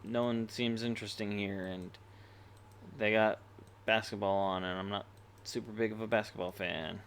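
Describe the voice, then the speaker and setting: A young man in his twenties co-hosting a podcast, rambling and poking fun at himself, with loud bursts when he jokes. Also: on the low side, fairly even intonation, normal speed, slight background noise. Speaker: podcast co-host. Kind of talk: casual chat.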